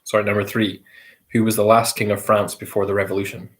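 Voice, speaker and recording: A man with a slightly low voice hosts a casual quiz among friends. He reads each question at an easy pace and repeats it, with the odd light chuckle. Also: flat delivery, fast. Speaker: quiz host.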